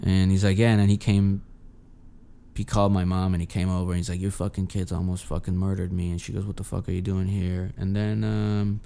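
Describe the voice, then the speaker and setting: A man's voice: sits low, flat delivery, fairly quick, creaky, mellow, slight background noise. A man guesting on a podcast, telling a personal story in a rambling, profane way with many restarts. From Los Angeles. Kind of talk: casual storytelling.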